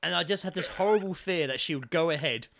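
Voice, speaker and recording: A man's voice: on the high side, quick pace, gravelly, a bit bright. A young man co-hosting a casual comedy podcast, telling stories and acting out the voices of people in them. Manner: storytelling, acts out voices. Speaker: podcast co-host.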